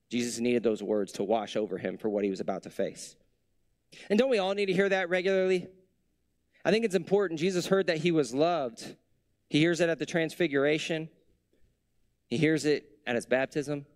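Higher-voiced man preaching a conversational sermon. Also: moderate pace, no room sound, studio quality. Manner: conversational preaching with many rhetorical questions. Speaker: pastor.

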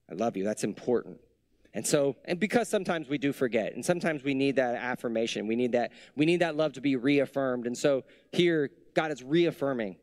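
A man preaching a sermon as a pastor, in a conversational way with many rhetorical questions, dropping soft and low for tender lines. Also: dry recording.

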